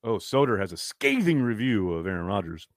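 A man's voice: lowish voice, big pitch swings, brisk, no room sound. Podcast guy chatting w fans, blunt and fed up, voice jumps all over, super dry close sound. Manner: frank, downbeat and exasperated, swearing freely. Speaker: podcast host reading fan comments. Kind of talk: casual live-stream chat.

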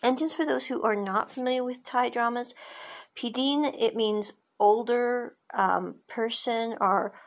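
A woman's voice: on the high side, unhurried. A woman podcast host giving a chatty, digressive recap of a TV drama, with side notes along the way.

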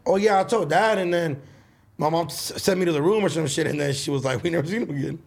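A man with a slightly raised pitch tells a memory in casual conversation. He rambles and stops often to restart. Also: quick pace, gravelly. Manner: rambling, hesitant storyteller. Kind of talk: casual chat.

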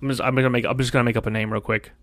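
A man hosting a casual podcast, telling a long story in an animated, rambling way with many self-corrections. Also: medium pitch, racing, no echo, clean studio sound. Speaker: podcast host.

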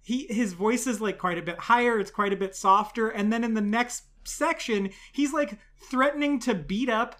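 A woman's voice: on the high side, normal speed, hardly any pauses, a bit bright. A woman hosting a podcast, chatting in a playful, explaining way. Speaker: podcast host. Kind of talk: casual podcast chat.

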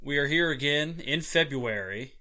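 A man's voice: on the high side, expressive, moderate pace, sharp tone. A man co-hosting a sports podcast in casual, jokey banter, laughing often. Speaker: podcast co-host.

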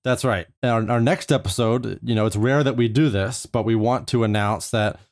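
Upbeat podcast host, dry and close. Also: male voice, medium pitch, steady tone, normal speed, no echo. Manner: upbeat, easygoing banter. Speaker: podcast host and licensed therapist. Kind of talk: casual podcast chat.

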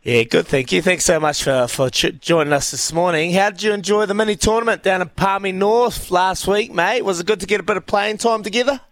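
A man's voice: high voice, a little fast, few pauses, a bit bright, no echo. A man hosting a casual radio sports show, laid-back and chatty.

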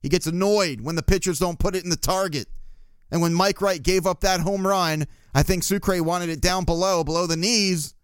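A man's voice: high-pitched, steady tone, moderate pace, smooth, dry recording. A man hosting a casual solo sports podcast, ranting bluntly and crudely with frequent laughs. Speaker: podcast host.

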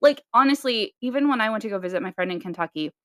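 A woman's voice: fairly high pitch, expressive, quick pace, pushed and bright, no echo, clean studio sound. Profane, chatty woman podcast co-host. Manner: loose, profane storytelling with sighs and laughs. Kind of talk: casual chat.

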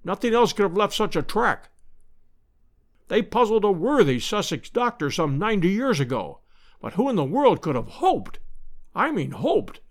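An ecstatic, commanding professor, as a male reader puts him on, lecturing in emphatic bursts. His pitch swings widely and runs high and bright in the storybook scene. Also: big pitch swings, moderate pace.

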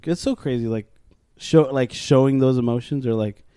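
A man's voice: mid-range voice, moderate pace, dark tone, smooth. A young man co-hosting a casual podcast chat, telling a story with lots of swearing and laughter. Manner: laughing storyteller, acts out quotes, swears a lot. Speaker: podcast co-host.

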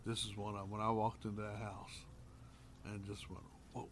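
A man, a paranormal investigator guest, telling drawn-out, folksy anecdotes in casual chat with many pauses and hesitations. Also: on the low side, little pitch movement, noisy background. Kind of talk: casual storytelling.

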